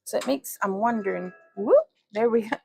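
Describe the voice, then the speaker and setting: Giggly, chatty woman livestreamer with gravelly edges. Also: medium pitch, normal speed, a little mellow, faint music behind. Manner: giggly, chatty, self-deprecating. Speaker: livestream host. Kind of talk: casual livestream chat.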